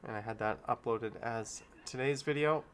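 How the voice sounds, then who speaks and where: A middle-aged man talks loosely to his live-stream viewers. He rambles, chuckles, and drifts between topics. His voice sits at an ordinary pitch. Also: moderate pace, a bit bright, slight background noise. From Canada. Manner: rambling, easygoing, chuckles often. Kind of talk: casual live-stream chat.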